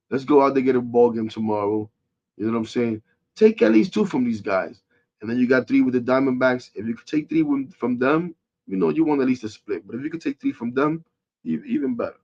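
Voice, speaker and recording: A man, hosting a sports podcast as a casual rant. He is frustrated and animated, swinging from loud outbursts to muttering. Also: mid-range voice, fairly quick, gravelly, highs cut off.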